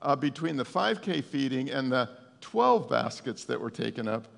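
A man's voice: mid-range voice, big pitch swings, moderate pace, creaky. A male pastor giving a conversational, emphatic sermon in a folksy way, often stumbling and repeating words, recorded in a church with a long reverb.

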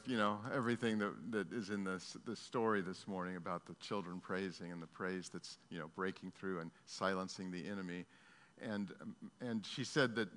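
A male pastor preaching a sermon, telling a story in an earnest, halting way. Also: lowish voice, sharp tone. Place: church sanctuary. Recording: long hall reverb.

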